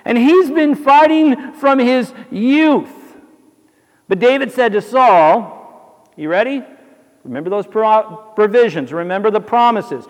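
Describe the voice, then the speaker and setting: A man preaching a sermon, animated storytelling with jokes and asides that builds to emphatic exhortation. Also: extremely high pitch, a little slow, big-room sound. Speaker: pastor.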